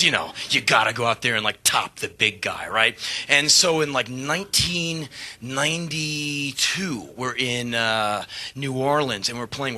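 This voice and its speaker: A man, a touring rock musician, telling a backstage anecdote with animated, profane energy, acting out scenes. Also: medium pitch, husky. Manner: animated, swearing, acts out scenes, bursts of laughter and shouts. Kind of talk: storytelling anecdote.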